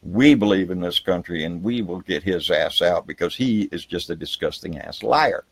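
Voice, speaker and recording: A man hosting a live political talk show outdoors by a river, ranting heatedly and with plenty of profanity, then brightening to greet viewers by name. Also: low-pitched, normal speed, husky, dry recording. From Texas. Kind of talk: live political rant and viewer shout-outs.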